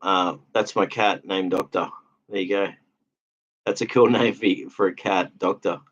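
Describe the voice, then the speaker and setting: Low-voiced tired man hosting a livestream, chatty and halting, dull lo-fi sound. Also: fairly even intonation, fairly bright tone. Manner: rambling, halting, lots of fillers and restarts, laughs often. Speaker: livestream host reading chat comments. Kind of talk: casual livestream chat.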